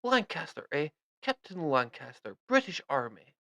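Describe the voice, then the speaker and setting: A man's voice: fairly high pitch, very animated, moderate pace, bright, forceful tone, slight background noise, voice pushed up, full character voice. A man voicing a jovial, upper-class British army captain with hearty, clipped bluster.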